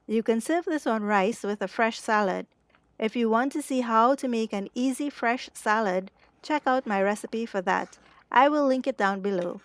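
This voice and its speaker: A woman narrates her recipe as a cooking vlog host. Her voice sits a little high, and she talks through each step calmly and plainly. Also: normal speed, dry recording. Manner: calm, step-by-step instructive.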